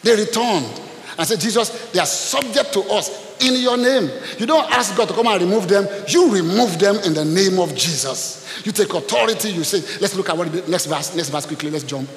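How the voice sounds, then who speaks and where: A middle-aged male pastor preaches a sermon to his congregation in a church hall, telling stories and calling for responses from the crowd. His voice is high-pitched, expressive, and brisk, and the recording has hiss and an echoey hall sound.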